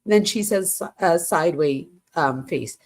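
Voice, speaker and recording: A woman's voice: on the low side, animated, unhurried, darkish tone. A woman hosting a true crime commentary, reading text messages aloud and breaking in with shocked asides. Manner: reads messages in quotes, adding shocked asides.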